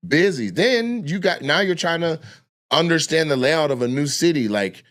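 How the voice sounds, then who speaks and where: A man telling stories in a casual chat, animated and profane, acting out the voices of people he quotes. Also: fairly high pitch, normal speed. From Lacey, Washington. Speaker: comedian guest.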